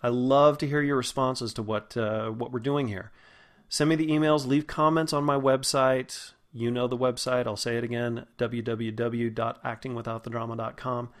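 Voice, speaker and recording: A man's voice: mid-range voice, level tone. A man, hosting an acting podcast and patiently teaching vowel sounds. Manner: patient, instructive, demonstrates sounds slowly. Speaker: acting and dialect coach, podcast host. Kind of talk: spoken lesson on vowel sounds.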